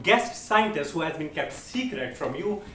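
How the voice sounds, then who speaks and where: A man's voice: fairly high pitch, sing-song, normal speed, pushed and bright. A man hosting a live comedy game show on stage, with playful, teasing crowd work. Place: stage in front of a live audience. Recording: roomy echo, far from the mic, audience noise.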